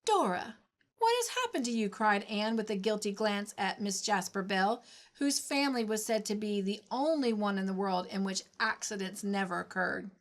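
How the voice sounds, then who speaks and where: A woman reads a classic novel aloud, with measured, expressive storytelling. Her voice sits at a middle pitch for a woman. She paces the narration calmly and evenly. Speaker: storybook reader.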